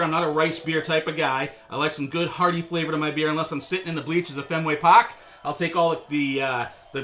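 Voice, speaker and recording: A man's voice: on the high side, fairly bright tone. A man hosting a casual beer review video, chatty and wry, with a lot of filler words. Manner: chatty, joking, with frequent filler; wry and sarcastic.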